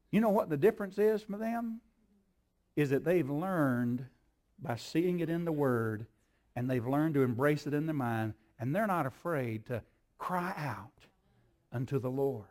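An older male pastor preaching a sermon in an emphatic, repetitive cadence that builds into shouts. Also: a little high.

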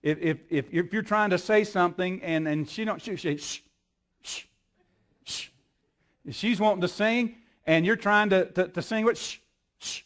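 An older male pastor preaching a sermon in an emphatic, repetitive cadence that builds into shouts. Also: high-pitched, normal speed, hardly any pauses.

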